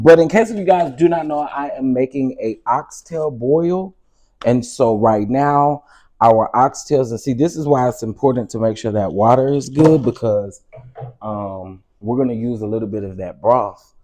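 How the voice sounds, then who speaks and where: A man's voice: mid-range voice, mellow. A man with a Southern American accent hosting a casual cooking stream from his home kitchen, chatty and calling viewers "baby" and "y'all". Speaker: cooking show host.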